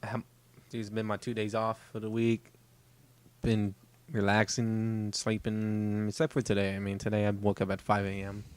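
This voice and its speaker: Tired man, lowish voice, slow sleepy podcast chat. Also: completely flat delivery, darkish tone, clear, resonant tone. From South Texas. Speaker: podcast co-host. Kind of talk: casual chat.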